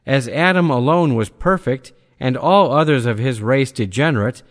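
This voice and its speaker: A man reads religious prose aloud with slow, deliberate care, pausing over chapter-and-verse citations. His voice sits in a middle register. A long reverb trails behind each phrase, as in a large hall. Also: mid-range voice. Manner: measured, deliberate delivery that slows to cite scripture references. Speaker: reader of a religious text. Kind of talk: scripted reading of theological prose.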